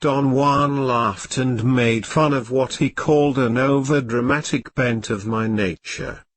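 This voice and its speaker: A computer-generated male voice narrating an audiobook in a slow, even reading. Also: mid-range voice, no echo.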